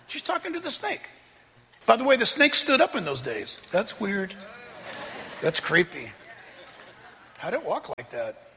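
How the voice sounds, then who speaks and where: A male preacher with a high, bright voice delivers a lively, joking sermon. His voice swings widely in pitch, with a gravelly edge. It rings with long reverb in a large hall over faint music. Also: a little slow, long pauses, slight background noise. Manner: animated, jokey, conversational preaching.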